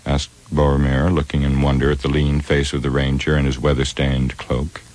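A man narrates an audiobook at a measured, even pace. His voice is extraordinarily deep and low. The reading stays calm and steady.

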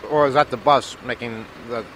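A man's voice: mid-range voice, fairly even intonation, fairly quick, a bit bright. A man chatting casually on a hotel balcony and joking as he hosts. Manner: joking, chatty, laughs often. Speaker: co-host. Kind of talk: casual chat. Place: hotel balcony above a busy street. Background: street traffic.

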